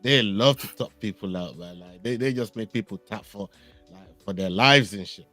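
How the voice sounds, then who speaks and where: A man's voice: on the low side, moderate pace, bright, forceful tone, faint music behind. A man hosting a casual MMA podcast who teases and needles his co-hosts, pressing them with questions. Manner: teasing, needling, laughs at others. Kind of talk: casual sports banter.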